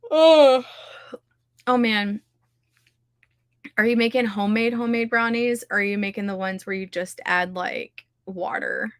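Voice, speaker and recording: A woman's voice: medium pitch, flat delivery, normal speed, a bit bright, clean tone, no echo, studio quality. A woman hosting a casual livestream, chatty and scattered, laughing often as she talks. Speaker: livestream host running writing sprints. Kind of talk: casual chat to a live audience.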